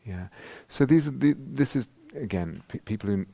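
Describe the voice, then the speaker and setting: A male meditation teacher answering a question at a retreat, thinking aloud with frequent restarts and pauses. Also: mid-range voice, expressive, gravelly, mellow, slightly rough, no room sound. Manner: thoughtful, searching for words, many restarts. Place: meditation hall.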